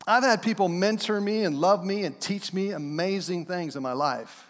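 A man's voice: sits high, moderate pace, hardly any pauses. Man preaching in a reverberant church hall. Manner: animated and conversational, acting out voices of the people he describes. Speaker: pastor. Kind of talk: sermon. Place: church sanctuary.

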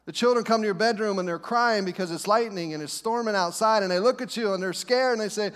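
A middle-aged man, a pastor, preaching a sermon with dramatic pauses and repeated reassurances. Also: sits high, fairly bright tone. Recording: long hall reverb.

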